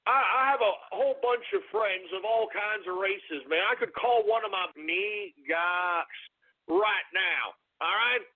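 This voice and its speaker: A man hosting a call-in radio show, ranting in a profane, exasperated way that swings from muttering to shouting. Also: high-pitched, measured pace. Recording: tinny phone-like lo-fi sound.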